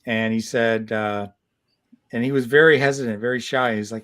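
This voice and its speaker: A man in his sixties, a guest comic artist, tells stories in a casual interview. His mid-pitched delivery is lively but halting, animated, and full of restarts.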